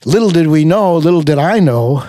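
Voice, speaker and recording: A man's voice: on the high side, animated, moderate pace, dark tone, no echo, studio quality. An older man, a musician being interviewed, telling stories in a loose, rambling way with many fillers and restarts. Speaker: musician guest. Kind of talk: casual storytelling interview.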